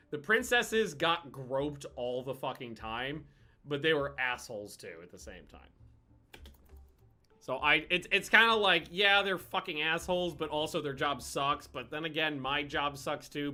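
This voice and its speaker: A man chats casually over gameplay and spins long, profane anecdotes. His voice sits slightly high and has a sharp, bright edge. Soft game music plays in the background. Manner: profane, animated, rambling anecdotes with restarts. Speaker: gaming channel host.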